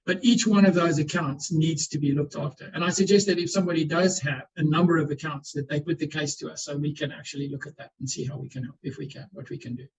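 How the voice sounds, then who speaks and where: A man's voice: a little high, fairly even intonation, fast talker, few pauses, a little hiss or hum, poor audio. A man speaking as a panellist on a webinar, answering questions earnestly and often repeating words as he restarts. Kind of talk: explanatory webinar talk. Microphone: video call.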